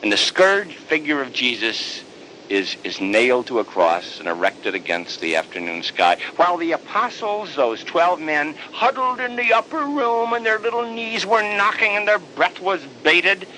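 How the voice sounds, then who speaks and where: A priest telling a sermon story with animated, dramatic delivery. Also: male voice, on the high side, moderate pace, a little hiss or hum, poor audio.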